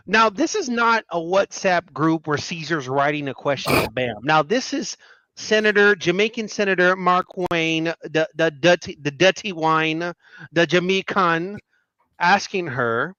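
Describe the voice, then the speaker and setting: A man hosting a casual political commentary show, reacting to clips in an animated, mocking way. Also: a little high, unhurried, no echo, muffled recording.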